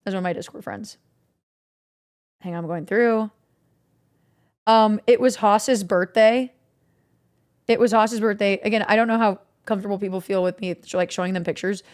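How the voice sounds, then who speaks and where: A young woman streamer casually recapping stories to her chat, animated and swearing freely. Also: medium pitch, moderate pace, long pauses, clean tone.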